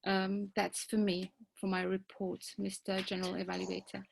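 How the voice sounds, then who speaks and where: A woman giving a grammarian's report at a club meeting, speaking carefully and deliberately as she spells out tricky words. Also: mid-range voice, completely flat delivery, creaky, background noise.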